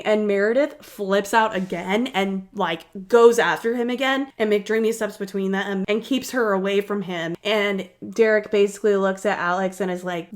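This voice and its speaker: A woman vlogger casually recapping a story, chatty and animated with lots of fillers. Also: mid-range voice, moderate pace, few pauses. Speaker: beauty vlogger.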